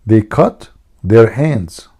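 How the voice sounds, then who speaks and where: A man's voice: on the low side, animated, drawn-out words, mellow, breathy edge. A man from the Middle East, a native Arabic speaker, hosting a casual livestream in a joking, mocking storytelling manner. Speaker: livestream host.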